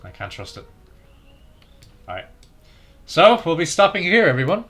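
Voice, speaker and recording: A man's voice: a little high, very animated, moderate pace, sharp tone, faint music behind. A man streaming a video game, chatting casually with friends and teasing them, laughing often. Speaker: streamer playing and commentating. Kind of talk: casual chat while gaming.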